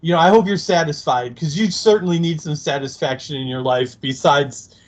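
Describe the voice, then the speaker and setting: A man's voice: a little high, close to an everyday voice. A man paraphrasing a sarcastic male vampire's petty tirade, in a raised mocking voice. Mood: snide. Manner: mocking, rapid-fire insults.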